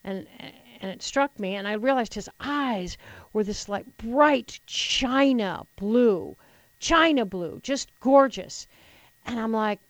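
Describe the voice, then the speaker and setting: A middle-aged woman radio host telling a personal story in a reflective, halting way, often restarting and repeating words. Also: on the high side, animated, no echo, poor audio.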